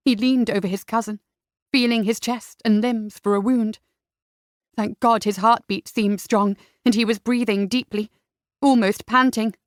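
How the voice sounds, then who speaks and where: A woman narrating a romance audiobook in a smooth, even storytelling manner. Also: mid-range voice, moderate pace, dry recording, clean studio sound. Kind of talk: scripted narration.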